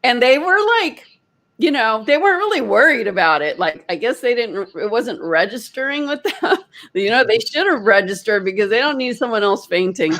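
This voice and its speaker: A woman host telling a personal story in an animated, chatty way, full of "like" fillers and acted-out quotes. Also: on the high side, moderate pace. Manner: acts out her own quoted panic. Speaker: energy healer, host. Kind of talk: casual storytelling.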